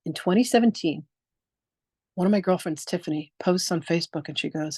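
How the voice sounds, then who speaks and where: Her voice is on the low side, dark and slightly rough, moving a little fast without any echo. She's in her sixties, teaching a live online spiritual practice masterclass where she tells animated stories, performs quoted exchanges, and talks frankly and emphatically, occasionally swearing.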